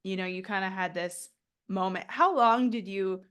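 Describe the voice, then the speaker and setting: A woman hosting a podcast as a coach, chatting casually in an animated way, laughing and swearing freely. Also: mid-range voice, moderate pace, clean tone. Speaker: host and coach.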